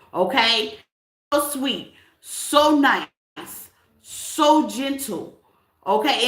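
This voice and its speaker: A woman gives a spiritual tarot reading in a high, bright voice. She talks in a loose, chatty way and keeps asking "okay?" The room around her is echoey. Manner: conversational, chatty, repeats "okay?" often. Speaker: tarot reader.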